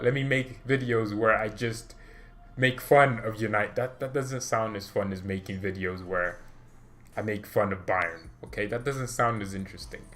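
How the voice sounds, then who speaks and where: A man hosting his own channel, chatting casually and excitedly about football, rambling, laughing and poking fun at himself. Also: mid-range voice. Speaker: channel host.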